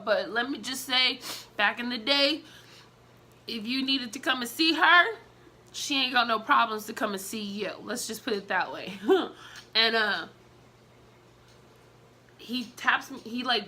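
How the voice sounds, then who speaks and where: A young woman tells a personal story in a candid storytime vlog, pausing often on fillers. Her voice sits a little high and sounds bright. She takes her time over each thought. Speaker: vlogger telling a personal story.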